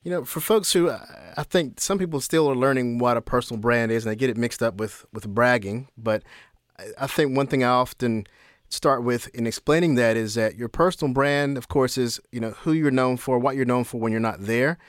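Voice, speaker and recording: A man co-hosting a podcast, explaining ideas in a thoughtful, measured way. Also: mid-range voice, no echo, studio quality. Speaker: podcast co-host. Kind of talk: casual podcast conversation.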